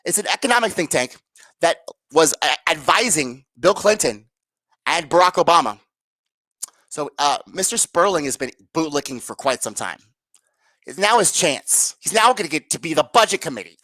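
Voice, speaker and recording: Ranting, sarcastic woman with a lively voice. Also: low-pitched, normal speed, no room sound. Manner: rhetorical questions to viewers. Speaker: political commentary host. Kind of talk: solo livestream political commentary.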